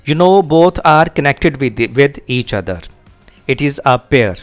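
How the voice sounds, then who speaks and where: Slow, deliberate teacher. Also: male voice, mid-range voice, animated, soft background music. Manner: slow, deliberate, repeats and spells out key words. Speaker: English teacher. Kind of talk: classroom lecture explaining a poem exercise.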